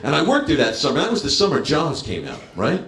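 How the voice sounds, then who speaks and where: A man's voice: a little high, wildly swooping pitch, fast talker, fairly bright tone, echoey room. A man in his fifties from New Jersey doing a brash, crowd-working stand-up set. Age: 50s. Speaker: stand-up comedian. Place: bar stage.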